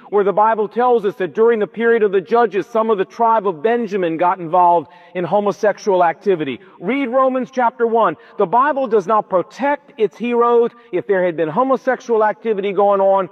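Male pastor, emphatic sermon storytelling, high voice; dull recording with long hall echo. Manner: emphatic, storytelling, rhetorical questions.

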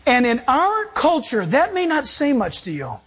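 A man preaching a sermon as pastor, animated and acting out quoted voices. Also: very high-pitched, normal speed, breathy edge.

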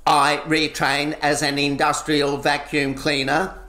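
A man performing comic spoken-word poetry in a rhythmic, deadpan delivery, recorded with a roomy echo. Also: a little high, slow. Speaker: performance poet.

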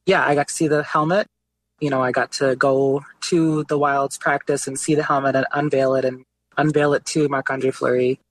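Male guest artist, casual interview talk, easygoing storyteller, mid-pitched voice. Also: moderate pace, dry recording, low-quality recording. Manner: relaxed storytelling with frequent "like" and "you know" fillers.

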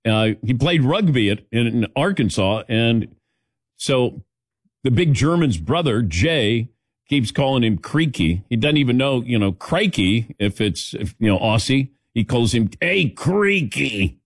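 A man's voice: medium pitch, expressive, unhurried, no echo, studio quality. A middle-aged man hosting a sports talk show, joking with his crew, laughing often and calling on them by name. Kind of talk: casual studio banter.

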